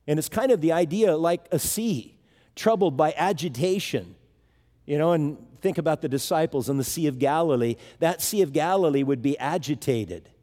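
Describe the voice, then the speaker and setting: A man's voice: fairly high pitch, moderate pace, mellow, long reverb tail. A man preaching a sermon in a conversational, emphatic way, often restarting his phrases.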